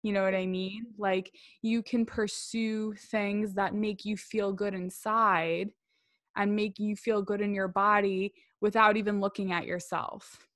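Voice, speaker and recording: A young woman co-hosts a podcast in casual, rambling chat, leaning on "like" and "you know". Her voice sits mid-pitch and sounds dry and close, with no room echo. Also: flat delivery, unhurried, a bit bright. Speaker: podcast co-host.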